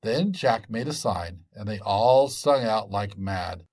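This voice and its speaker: A man narrating a folk tale in an expressive storytelling manner. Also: lowish voice, slow. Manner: expressive and lively.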